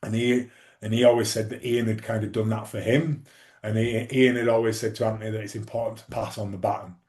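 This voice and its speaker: A fairly low-pitched man, chatting as an interview guest. He tells long anecdotes in a relaxed, rambling way, full of fillers and restarts. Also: quick pace. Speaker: guest, former rugby league player. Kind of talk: casual interview storytelling.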